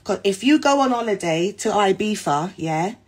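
A heated woman with a London-Jamaican accent and a husky, slightly breathy voice, talking to her phone. She is combative and swears a lot, at a mid pitch. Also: animated, moderate pace. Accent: London with Jamaican patois. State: pregnant. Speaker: social media personality. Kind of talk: heated rant to camera.

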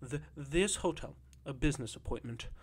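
A tired, anxious middle-aged Russian gentleman, speaking softly and hesitantly, as a male reader voices him. The voice stays close to the narrator's own, in an audiobook reading. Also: a little high, animated, moderate pace, husky. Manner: soft, hesitant.

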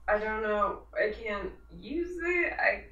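A woman co-hosting a casual chat while playing a video game, giggly and playful, thinking out loud. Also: mid-range voice, lively intonation, takes it slowly, reverberant, far from the mic, lo-fi sound. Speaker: co-host guest. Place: indoors at home in an apartment.

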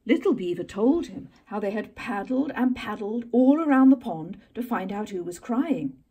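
A woman who serves as a land trust docent, reading a children's picture book aloud with expressive storytelling. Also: medium pitch, normal speed, breathy edge.

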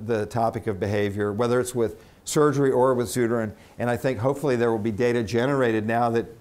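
Man, veterinary lecturer, conference room talk, conversational, stop-start phrasing, mid-pitched voice. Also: darkish tone. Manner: conversational, halting with restarts, quizzes the audience.

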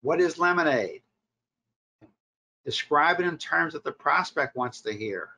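A man leads a sales workshop, his voice bright and forward. He teaches in short, punchy directives and answers his own rhetorical questions, keeping an instructive classroom tone. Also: a little high, lively intonation, measured pace, gravelly, long pauses. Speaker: marketing professor leading a workshop. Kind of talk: recorded workshop lecture.

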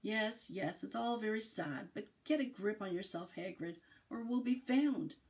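Brisk strict old witch teacher, no nonsense, a lady reading her aloud. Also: medium pitch, darkish tone, natural voice. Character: stern older female witch professor, brisk.

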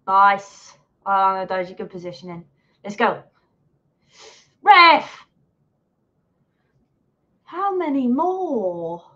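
Excitable woman heckling a match. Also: mid-range voice, measured pace. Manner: excitable, swears and heckles the players and referee. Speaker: fan hosting a live watch-along. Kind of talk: live match commentary. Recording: dull lo-fi sound.

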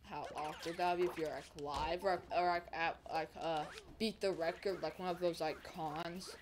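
A woman hosting a gaming channel, chatting casually through a speedrun race with lots of "like" and sudden excited outbursts. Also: lowish voice, moderate pace, a crowd in the background. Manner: rambling, filler-heavy, excitable outbursts. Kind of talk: casual gameplay commentary. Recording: game music playing loudly behind. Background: game music.

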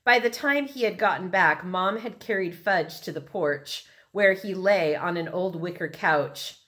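A woman reading a children's novel aloud, expressive and unhurried. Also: on the low side. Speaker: reader.

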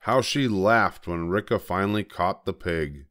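An older man reading a children's story aloud as storyteller, gentle and measured. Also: low voice.

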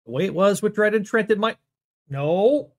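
A man hosting a comedy show, stammering and exasperated as he argues with a silent sidekick, now and then bursting into yelling. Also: sits high, expressive, normal speed. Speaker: show host. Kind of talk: comic monologue arguing with a silent sidekick.

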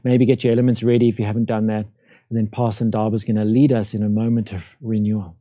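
A man preaches a streamed sermon from a church room in a very dark, mellow voice. He talks to the congregation conversationally and keeps asking them rhetorical questions. The sound is close and dry. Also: fairly low pitch, flat delivery, fast talker, dry recording. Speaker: pastor. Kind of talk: livestreamed sermon. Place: church room, during lockdown.

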